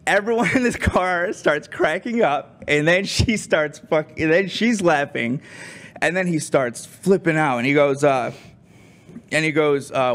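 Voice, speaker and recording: A young man on a show's crew telling a rambling story in a casual, animated way, with lots of fillers. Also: fairly high pitch, unhurried. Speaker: crew member.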